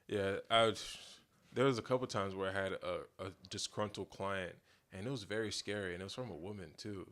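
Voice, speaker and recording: Low-voiced man telling animated stories. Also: brisk. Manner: animated storytelling, acts out quoted voices. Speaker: podcast host and photographer. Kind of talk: casual conversation. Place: home studio.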